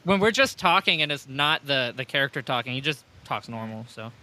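A man's voice: medium pitch, lively intonation, a little fast, sharp tone. A man hosting a casual podcast chat, rambling and swearing freely. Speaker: podcast host.

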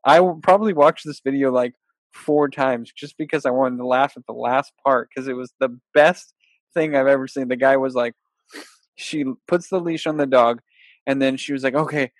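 A man in casual conversation, telling a story with lively acted-out quotes and frequent laughter. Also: medium pitch, moderate pace, no room sound. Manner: animated storyteller acting out quotes, laughing often. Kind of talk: casual chat.

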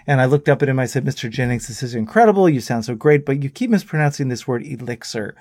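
A man who is a musician guests on a talk show, recounting anecdotes with animated quoted voices in a casual storytelling interview. He talks fast in a medium pitch, and there's no echo.

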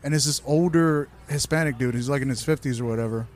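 Man, casual chat, profane anecdotes, medium pitch, loose delivery. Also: quick pace.

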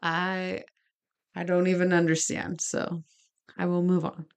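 A woman with a somewhat low voice tells a true-crime story on a casual podcast. She reads from her notes and breaks off into chatty asides. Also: flat delivery, a little slow, vocal fry, clear, resonant tone. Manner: gestures while talking. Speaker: podcast co-host.

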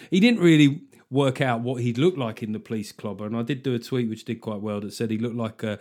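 A man hosting a podcast, telling stories in a sweary, jokey, animated way. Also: medium pitch, brisk, few pauses. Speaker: podcast host. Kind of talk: casual comedic chat.

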